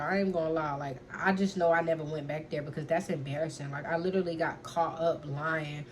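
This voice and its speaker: A woman's voice: deep voice, darkish tone, a little hiss or hum. Chatty young woman telling a story. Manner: chatty, many fillers, keeps addressing her viewers; earnest, lecturing when giving advice. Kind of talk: casual storytime chat to viewers.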